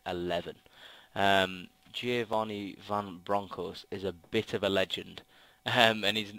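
A man's voice: low voice, sharp tone, no room sound, low-quality recording. A young man with a Brummie accent giving casual game commentary into a headset mic, rambling with lots of ums and restarts. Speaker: gaming commentator. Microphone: gaming headset mic.

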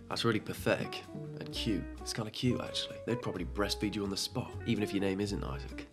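A man doing comedic reaction commentary, sarcastic and jokey, swinging between loud outbursts and muttered asides. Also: low voice, fast talker, music in the background.

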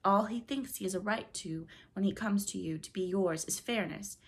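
A woman narrating a classic children's storybook in a dramatic, expressive reading style. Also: medium pitch, moderate pace. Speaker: audiobook narrator.

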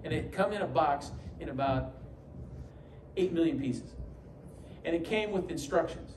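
A man's voice: fairly high pitch, lively intonation, unhurried, background noise. A man from New York preaching a sermon as pastor, telling stories with humorous asides and acting out the voices he quotes. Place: church sanctuary. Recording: echoey church hall, mic from a distance, faint ambience.

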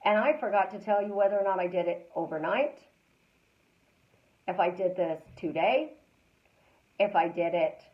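A woman hosting a live stream as a life coach, talking casually and repeating calm affirmations in a chatty, storytelling way. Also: medium pitch, normal speed, long pauses, reverberant, dull audio, slight background noise.

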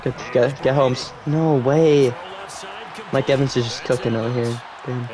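A young man giving live commentary on his own football video game, cheering loudly on big plays and grumbling when things go wrong. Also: medium pitch, steady tone, measured pace, crowd noise. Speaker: gaming YouTuber.

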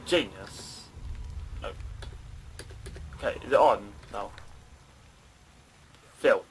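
A young man hosts a gaming channel, commentating on a horror game as he plays, jumpy and swearing as he talks to himself and the game. His voice is husky and on the low side, and he speaks extremely slowly.

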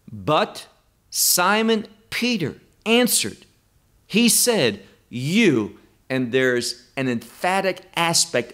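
A man teaching verse by verse through a Bible passage, emphatic and deliberate, with wide swings in pitch. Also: a bit bright.

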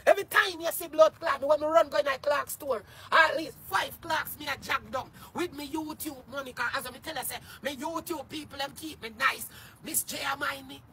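Shouting high-voiced Jamaican man. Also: normal speed, vocal fry, few pauses, a little hiss or hum. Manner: loud, cursing, often shouting. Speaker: social media personality. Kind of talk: angry livestream rant.

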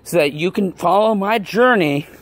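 A man's voice: high-pitched, moderate pace, no room sound, close to an everyday voice. An actor playing a nervous, out-of-shape man who rambles apologetically while vlogging outdoors, out of breath. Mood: flustered. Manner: apologetic, rambling, with many ums. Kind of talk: film acting as a self-filmed video log. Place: outdoors, walking near an apartment complex.

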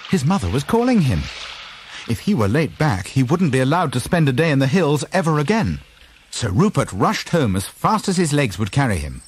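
A man reading a children's storybook aloud in a lively, expressive scripted narration. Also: mid-range voice, slight background noise. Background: background music.

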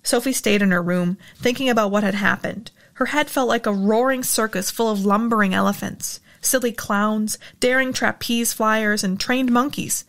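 A woman narrating a novel in a steady storytelling manner, as a regular audiobook reader. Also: on the high side, moderate pace, few pauses. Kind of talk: reading a novel aloud.

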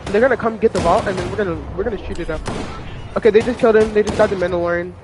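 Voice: medium pitch, steady tone, rapid-fire. Chatty gamer over game music. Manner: chatty, repeats warnings to teammates. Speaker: gamer in a squad. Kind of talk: casual gaming chat.

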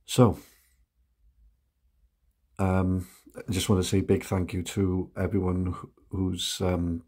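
British guy, low husky voice, loose reaction host who laughs and hesitates a lot. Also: flat delivery, slow pace, a little mellow. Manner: hesitant, lots of ums, laughs often. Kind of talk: casual reaction commentary.

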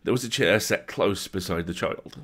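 A man reading a classic story aloud at a measured, atmospheric pace, as a bedtime story. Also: low voice, a bit bright.

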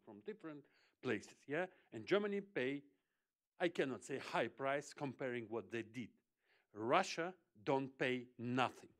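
A man from Chechnya, speaking as a forum panelist in halting, emphatic English with frequent apologies. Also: medium pitch. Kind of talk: impassioned panel remarks.

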